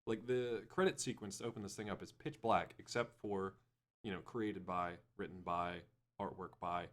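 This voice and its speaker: A man's voice: low voice, normal speed. A man hosting a casual podcast, laughing and steering the discussion. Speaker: podcast host.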